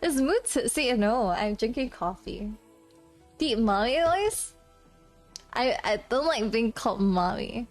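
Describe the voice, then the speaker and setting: A young woman chatting casually on a desk mic during a stream. She giggles often and sounds a little self-conscious as she reads out chat. Her voice sits fairly high and her pace is unhurried. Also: expressive, faint music behind.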